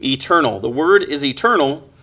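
A man's voice: on the high side, lively intonation, moderate pace, creaky, pushed and bright. A man reading scripture aloud and then explaining it to a class in a casual, joking teacher's manner. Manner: conversational, joking asides to class, restarts. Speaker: Bible study teacher. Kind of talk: Bible lesson with reading and explanation.

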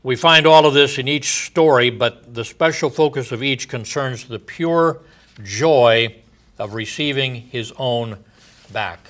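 A man who is likely older preaches a sermon in a mid-range voice. He speaks slowly and deliberately, his phrases fading softly at the ends.

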